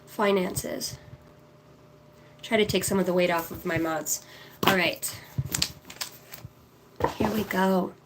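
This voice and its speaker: A woman's voice: on the low side, fairly even intonation, slow pace, long pauses, background noise. A woman in her thirties, a psychic card reader on a livestream, chatting casually and affectionately as she reads out viewers' names. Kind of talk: casual livestream chat reading comments.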